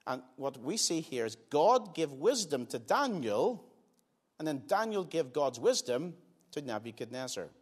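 Earnest older pastor preaching. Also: male voice, on the high side, very animated, slightly rough. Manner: earnest, swings between emphatic loud lines and quiet slowed asides. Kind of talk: sermon. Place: church sanctuary.

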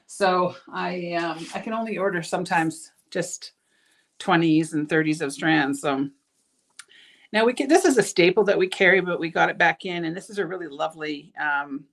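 A woman's voice: fairly low pitch, normal speed. A middle-aged woman hosts a casual live bead showcase, sounding tired and stumbling over her words as she chats. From Canada. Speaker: bead shop owner hosting a live product show.

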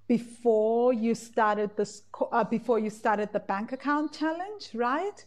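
A woman runs a live online class. Her voice sits a little high, and her speech is encouraging and loose, with frequent fillers and checking-in "right?" tags. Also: slow. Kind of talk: live online class, reading participant comments.

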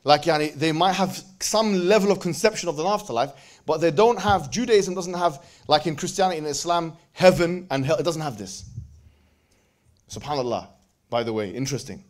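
Guy giving a lively religious talk to a crowd, jokey, kinda high voice. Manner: animated and joking, breaks off to banter with the audience; quotes Quranic Arabic in quick recitation. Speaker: speaker at a religious event. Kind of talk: lively religious lecture to a live audience.

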